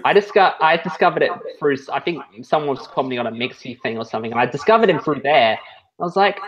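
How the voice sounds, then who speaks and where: A man's voice: a little high, expressive, quick pace. Offhand Australian man, dull sound. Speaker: podcast co-host. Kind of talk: casual chat.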